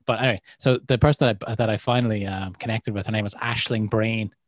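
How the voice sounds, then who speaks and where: An Irish man co-hosting a podcast, chatting casually and telling stories with animated quoted voices. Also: lowish voice, quick pace, no echo. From Ireland. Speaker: podcast co-host.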